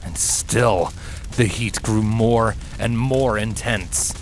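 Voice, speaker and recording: A man reading fan fiction aloud in a steady, measured audiobook narration. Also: on the low side, a little hiss or hum. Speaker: fanfiction reader.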